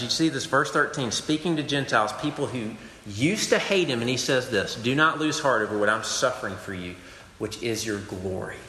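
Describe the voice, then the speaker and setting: A man's voice: mid-range voice, fairly bright tone. Earnest man preaching in a hall. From Mississippi, US. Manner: earnest, conversational preaching with casual asides. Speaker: campus preacher. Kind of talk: sermon. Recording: echoey hall, faint background noise.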